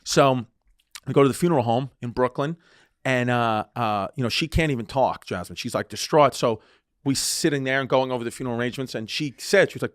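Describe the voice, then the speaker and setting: A man's voice: mid-range voice, a little fast, dry recording, studio quality. A man telling a comic story in casual talk, rambling, swearing and laughing as he goes. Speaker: comedian guest.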